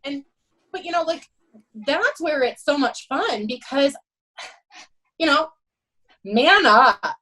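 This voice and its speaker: A woman who is a head swim coach, telling animated, emphatic stories in a podcast interview and often adding "you know" and "right.". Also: high-pitched, takes it slowly, pauses often, poor audio.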